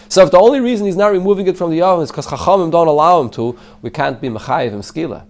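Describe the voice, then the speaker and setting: Male rabbi teaching a Talmud class, slightly raised pitch, translates and explains line by line. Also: racing, hardly any pauses. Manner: explains in English mixed with Hebrew and Yiddish terms; translates the Aramaic text line by line.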